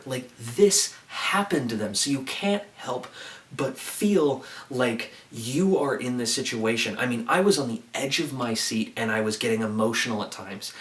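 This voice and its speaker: Man, casual film reviewer, earnest and eager, mid-pitched, roomy distant sound. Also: a bit bright. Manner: earnest and enthusiastic, with frequent "like" fillers. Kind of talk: casual movie review monologue. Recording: roomy echo, distant from the mic.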